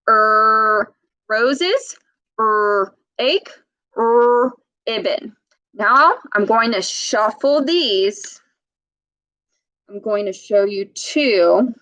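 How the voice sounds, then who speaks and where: A woman reading a storybook to children and leading a speech lesson, modeling sounds slowly and patiently with exaggerated emphasis. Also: on the high side, a bit bright, dry recording, poor audio.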